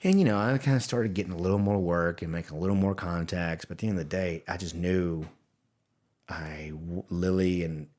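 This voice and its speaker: A man's voice: low-pitched, a little fast, darkish tone. A man from Louisiana with a Southern accent, a guest chatting casually in a folksy way and laughing often. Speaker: podcast guest. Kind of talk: casual conversation.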